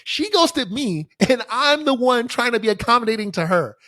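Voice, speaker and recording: A man's voice: very high-pitched, expressive, a little slow, a bit bright, no echo, clean studio sound. A young man, hosting a solo podcast and telling stories with lots of fillers and swearing. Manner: casual, profane, exasperated ranting with many fillers. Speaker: podcast host. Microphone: studio microphone facing camera.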